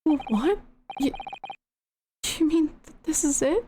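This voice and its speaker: A woman voicing a nervous young male rookie lawyer, reading earnest, stammering game lines in her own high voice. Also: lively intonation, slow pace, warm tone, a little hiss or hum. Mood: anxious. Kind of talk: reading game dialogue aloud. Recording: game music underneath. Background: game music.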